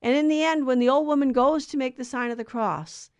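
A woman's voice: high-pitched, fairly quick, no echo. A woman co-hosting a Catholic talk show, teaching in an earnest, storytelling way. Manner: earnest storyteller who acts out quoted voices. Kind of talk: conversational faith teaching.

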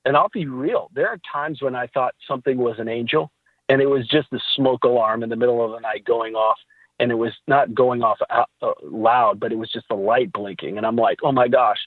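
A man's voice: medium pitch, brisk, husky, dry recording. Man telling faith stories over tinny line. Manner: animated storytelling with laughs. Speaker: podcast guest. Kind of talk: casual faith talk.

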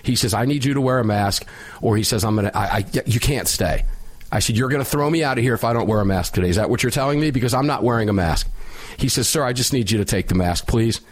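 A middle-aged man hosting a talk radio show, telling a story loudly and emphatically with a sinus infection. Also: mid-range voice, quick pace.

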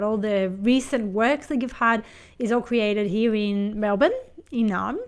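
Thoughtful woman interviewer, slightly high. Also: steady tone, measured pace, smooth, faint music behind. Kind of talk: reflective interview questions.

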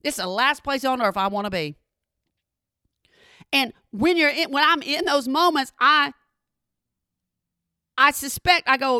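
A middle-aged woman with a high, bright voice tells a personal story to her followers. She is dramatic and animated, and she addresses her listeners directly. The sound is dry and close. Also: unhurried, pauses often, no room sound. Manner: animated, dramatic, talks straight to the audience.

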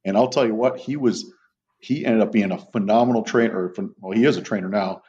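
A middle-aged man with a low voice rambles through a story in relaxed podcast chat, dropping the odd curse along the way. The recording sounds muffled and lo-fi, with a dull top end. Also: fairly quick. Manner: rambling storyteller, casual profanity. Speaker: guest, police dog trainer. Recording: muffled lo-fi audio.

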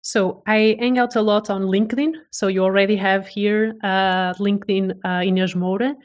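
A woman talking as a voice expert in a relaxed interview. She is eager and animated in her explanations, often restarting and repeating words as she goes. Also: medium pitch, moderate pace. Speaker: voice expert guest. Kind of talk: casual interview chat.

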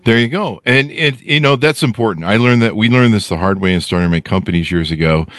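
A man hosting a podcast interview, chatting casually and telling stories in a lively, animated way. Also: fairly quick, no room sound. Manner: animated storyteller, pitch jumps up when quoting himself. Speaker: podcast host.

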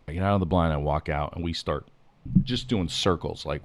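Deep-voiced man telling a hunting story. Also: fairly quick. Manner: animated storyteller, acts out quotes. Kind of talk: casual storytelling chat.

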